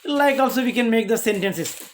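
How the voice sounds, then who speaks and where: Halting Indian English grammar lecturer. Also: mid-range voice, expressive. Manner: halting, with many restarts, explains each example after reading it. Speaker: college lecturer.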